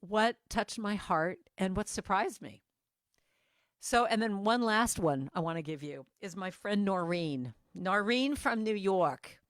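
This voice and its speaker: A woman's voice: medium pitch, a little slow, no echo, studio quality. A woman giving an earnest, chatty inspirational morning message as guest speaker, talking over a video call.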